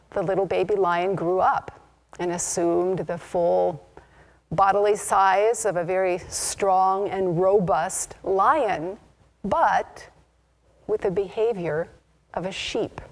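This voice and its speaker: A woman minister leading a Sunday service, telling a parable in a slow, deliberate, reflective way. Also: fairly low pitch, creaky, darkish tone. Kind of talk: sermon storytelling. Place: spiritual community service.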